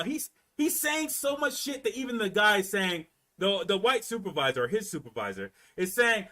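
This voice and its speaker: A man from Florida telling a story in a casual, animated rant, full of profanity and repeated words. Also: extremely high pitch, moderate pace, few pauses. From Florida, US South. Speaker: commentator.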